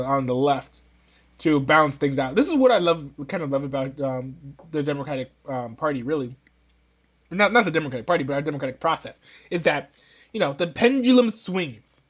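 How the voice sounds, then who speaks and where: A man's voice: fairly high pitch, expressive, normal speed. A man hosting a podcast, giving casual political opinions in a rambling, joking way with many restarts. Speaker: podcast host.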